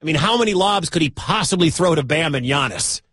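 Excitable male sports radio host. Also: on the high side, fairly quick, slightly rough, no echo. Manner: excitable, loud bursts of enthusiasm.

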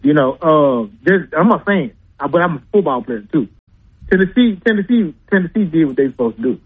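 A male football fan calls in to a radio show and rambles about the game, stumbling over repeated words. His voice sits a little high. It comes through a thin, tinny phone line. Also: expressive, brisk, breathy edge. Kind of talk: casual call-in chat.

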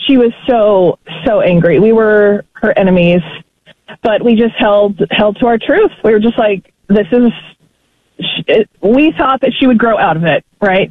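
A woman calling in to a radio talk show, telling her story in an emphatic, animated way and laughing often. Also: medium pitch, no echo. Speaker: caller. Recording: tinny phone line.

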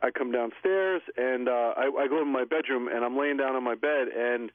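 A man co-hosting a talk show, telling a story in a quick, relaxed way. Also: mid-range voice, no room sound. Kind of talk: casual chat. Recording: dry, phone-like sound.

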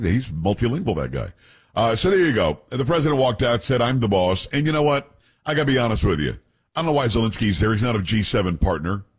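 A man's voice: on the low side, husky. A man hosting talk radio, reading news stories aloud and breaking in with blunt, opinionated asides.

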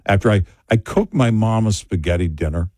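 A man's voice: on the low side, brisk, a little mellow, no room sound. A man co-hosting a talk radio show in a studio, telling rambling, joking stories and laughing often. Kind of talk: casual talk radio chat.

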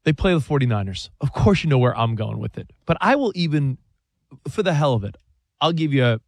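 A man co-hosting a sports talk show, talking through a team's schedule in an animated, rambling way with many restarts and self-corrections. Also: mid-range voice, brisk, vocal fry, dry recording, studio quality. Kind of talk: casual sports debate.

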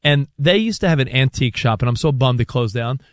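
A man's voice: mid-range voice, animated, fast, no room sound, studio quality. Chatty man co-hosting a talk show. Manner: chatty, enthusiastic tangents. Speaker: co-host. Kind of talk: casual chat.

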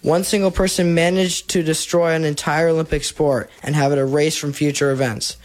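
Deadpan male co-host. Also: fairly high pitch, fairly quick, soft background music, poor audio. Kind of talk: casual chat.

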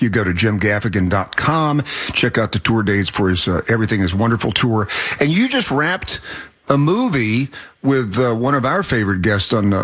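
A man's voice: lowish voice, a bit bright, husky. A man hosting a radio interview, chatty and laughing easily. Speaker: radio host.

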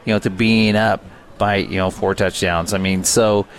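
A man's voice: lowish voice, steady tone, moderate pace. Chatty male color commentator. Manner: chatty, many fillers like you know and uh. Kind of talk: radio sports color commentary.

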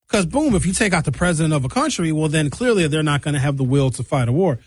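American guy ranting sarcastically, kinda high voice, dry close mic. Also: fast talker, hardly any pauses, breathy edge, no echo, poor audio. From United States. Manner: sarcastic, animated, mocking. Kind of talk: comedic political rant.

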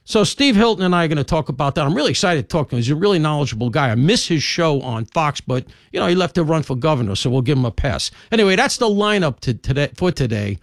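A male talk show host, riffing through his show's lineup in a loose, opinionated monologue. His voice sits somewhat high and swoops up and down with animated emphasis. The sound is dry and close, with no room behind it. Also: fast talker, hardly any pauses, no echo. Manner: rambling, emphatic, jumps between asides.

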